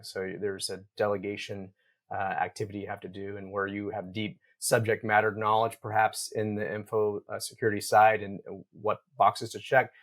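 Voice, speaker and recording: Measured low-voiced male host. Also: fairly bright tone. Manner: measured, summarizing and leading with questions. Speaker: podcast host. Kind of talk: interview hosting.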